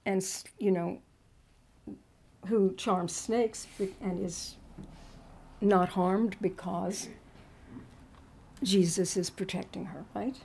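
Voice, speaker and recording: Woman poet from Texas, mid-pitched, unhurried and halting, introducing her work at a reading. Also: steady tone, gravelly, dark tone, slight background noise. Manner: hesitant, many ums and pauses.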